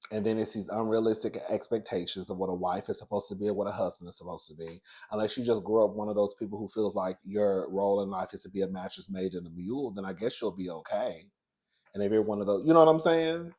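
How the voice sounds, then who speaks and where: A man hosting casual gossip commentary, chatty and animated, calling listeners "girl" and "baby.". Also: on the low side, fast. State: out of breath. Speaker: commentary host.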